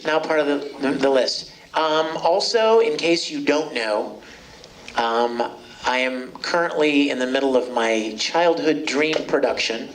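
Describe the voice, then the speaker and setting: A noisy convention hall, recorded distantly from the audience, carries the medium-pitched, unhurried voice of a middle-aged voice actor. Holding a handheld mic, he talks casually to fans, playful and joking, telling stories with lots of animation.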